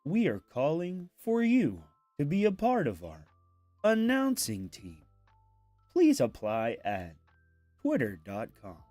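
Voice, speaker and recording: A man's voice: on the high side, no echo, soft background music, full character voice. A man mimicking a stiff automated phone message. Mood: formal. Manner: flat, measured recorded-message delivery.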